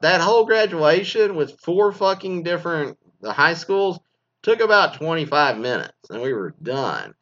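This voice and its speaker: A man's voice: high voice, a bit bright, dull audio. A man in his forties, a former teacher, telling a crude story in a casual rant and swearing constantly. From Mesquite, Texas.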